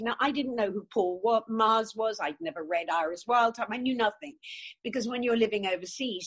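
Older woman, husky and lively. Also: mid-range voice. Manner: lively, animated storytelling with acted quotes. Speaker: actress. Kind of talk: interview chat.

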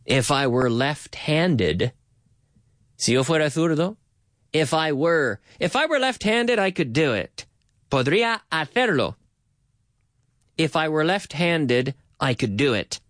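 A man hosting a bilingual English lesson for Spanish speakers, repeating phrases slowly for learners and mixing in Spanish words. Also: on the high side, very animated, fairly bright tone, no echo, clean studio sound. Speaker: language teacher and podcast host.

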